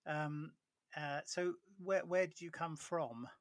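A man hosting a casual interview, asking curious questions and gently prompting his guest. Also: a little high, slow pace, dry recording, studio quality.

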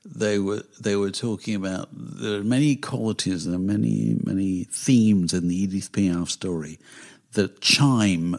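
A man's voice: fairly low pitch, unhurried, vocal fry. An older man co-hosting a podcast, talking in a wry, emphatic way and chuckling often. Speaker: podcast co-host. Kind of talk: casual chat.

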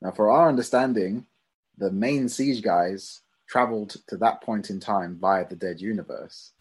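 A man in casual conversation, easygoing and quick to laugh, explaining his view at length. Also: on the low side, slightly rough. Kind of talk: casual chat.

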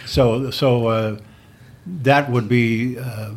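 A man's voice: mid-range voice, steady tone, drawn-out words. A man guest chatting casually in an interview, easygoing and wry. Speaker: guest performer.

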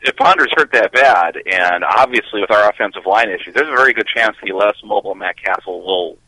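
A man's voice: fairly low pitch, fairly quick, sharp tone, slightly rough, low-quality recording. A man co-hosting a podcast, chatting about sports with dry, sardonic humor. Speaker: podcast co-host. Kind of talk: casual sports chat.

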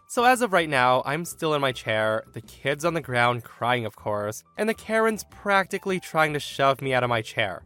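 A man reading a first-person online story aloud with an expressive delivery. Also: medium pitch, normal speed, hardly any pauses, clear, resonant tone, no echo, soft background music. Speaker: story narrator.

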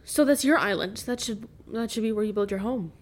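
A woman's voice: on the high side, fairly quick. A young woman, a student, co-hosting a casual podcast chat, reacting with dry exasperation and laughter.

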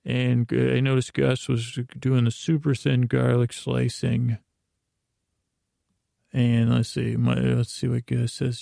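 A man's voice: mid-range voice, monotone, takes it slowly, creaky, warm tone, no echo, clean studio sound. A man hosting a podcast, retelling a story in a meandering, drowsy way, full of fillers and restarts. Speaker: podcast host. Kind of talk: rambling bedtime retelling.

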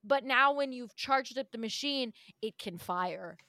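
A woman co-hosting a casual podcast, retelling a game event in an animated way and laughing often. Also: fairly high pitch, unhurried, dry recording, clean studio sound. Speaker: podcast co-host. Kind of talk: casual podcast chat about a video game.

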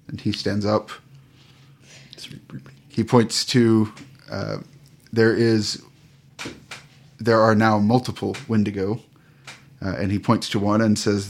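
A man narrating a tabletop game as game master, unhurried and halting, with many fillers. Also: lowish voice, flat delivery.

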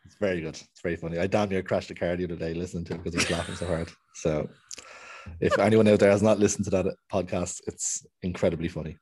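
Deep husky Irish man chatting. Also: fairly even intonation, fast talker, darkish tone. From Ireland. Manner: laid-back, laughs often. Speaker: podcast co-host. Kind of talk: casual chat.

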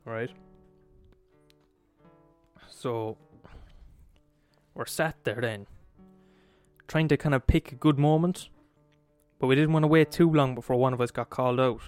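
A man with an Irish accent telling a story in a casual, animated way, swearing freely and checking in with the listener. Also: mid-range voice, measured pace, long pauses, clean tone, faint music behind. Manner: animated, swears a lot, asks the listener "right?".

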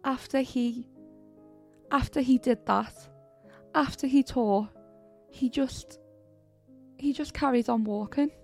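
A woman voicing a frightened teenage girl who sobs and pleads in broken, halting sentences, read in a horror story. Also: on the high side, fairly even intonation, creaky, warm tone, faint music behind. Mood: tearful pleading.

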